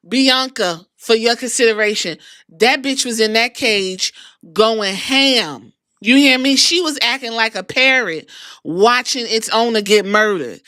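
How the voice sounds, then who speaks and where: A bright, forceful woman's voice, a little higher than most, telling a wrestling story with lots of swearing and slang. She talks like she's chatting with friends, acting out every moment. The sound is dry and close, with no room around it. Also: clean tone, dry recording. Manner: animated, profane storytelling with slang. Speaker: podcast host. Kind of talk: casual wrestling recap.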